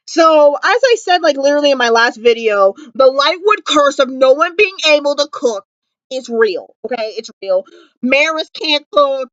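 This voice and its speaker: Bubbly high-voiced woman gushing to camera. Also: expressive, moderate pace, fairly bright tone, dry recording, muffled recording. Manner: gushing, dramatic, lots of "like" and fillers. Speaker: vlogger reviewing a TV episode. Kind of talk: excited fan review chat. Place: indoors at home.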